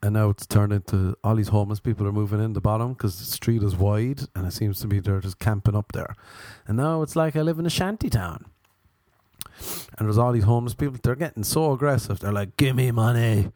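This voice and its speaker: Hoarse guy rambling on his podcast, mellow voice, dry close mic, pokes fun at himself. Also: lowish voice, a little fast, no room sound. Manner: self-deprecating, rambling, acts out quotes in raised voices. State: hoarse from illness. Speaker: podcast host. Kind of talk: casual comedic storytelling.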